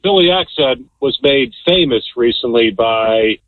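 A man's voice: medium pitch, expressive, unhurried, no room sound. A man with a Philadelphia accent calling in to a radio show, chatty and friendly. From Delaware County, Pennsylvania. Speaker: caller. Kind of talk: phone-in call. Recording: tinny phone line.

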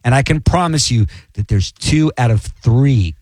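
A man's voice: medium pitch, lively intonation, unhurried, a little mellow, dry recording. A man, a comedian, chatting casually about upcoming shows, rambling and poking fun at himself. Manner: rambling, self-deprecating joking. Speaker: comedian guest. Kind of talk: casual chat.

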